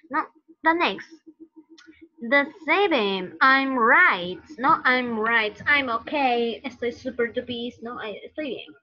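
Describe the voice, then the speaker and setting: Slow-talking woman teacher. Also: fairly high pitch, dry recording. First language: Spanish. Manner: acts out each adjective with gasps and sighs, switching between English and Spanish. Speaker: English teacher. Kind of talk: online class for children. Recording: dull lo-fi dry sound.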